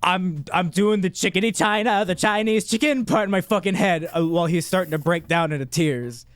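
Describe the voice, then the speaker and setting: A man's voice: sits high, fairly quick, smooth, dry recording. A man in his late thirties, co-hosting a podcast, telling a story in casual chat with lots of swearing and laughing through his words. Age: late 30s. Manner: profane, self-mocking storyteller who laughs while talking. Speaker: podcast co-host.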